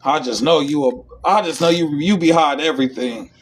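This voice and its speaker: A man's voice: on the high side, fairly quick, slight background noise. A man giving rambling, profane esoteric commentary, reading passages aloud between joking outbursts and mutters. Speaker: channel host.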